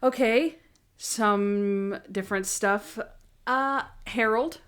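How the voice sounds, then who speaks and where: A woman's voice: medium pitch, drawn-out words, clean tone. Giggly woman podcast co-host. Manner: giggly, animated retelling of scenes. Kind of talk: casual chat.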